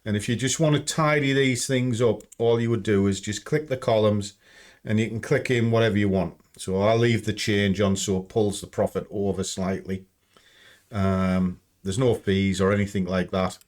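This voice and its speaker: A man's voice: on the low side, fairly even intonation, normal speed, darkish tone. A man hosting a trading channel from home, walking through his screen in a chatty, blunt way and swearing freely. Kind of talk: casual screen-share walkthrough.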